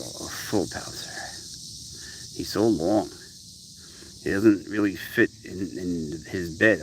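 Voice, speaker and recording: A man's voice: fairly low pitch, background noise. A man chatting casually on a live pet stream, rambling about his cat and answering viewers, his voice rising into baby-talk when he speaks to the cat.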